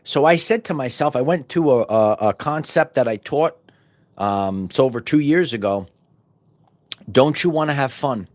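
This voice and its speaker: A middle-aged man hosting a podcast, giving a fervent spiritual monologue full of repetitions and stumbling restarts that rises into loud bursts. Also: medium pitch, expressive, moderate pace. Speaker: podcast host.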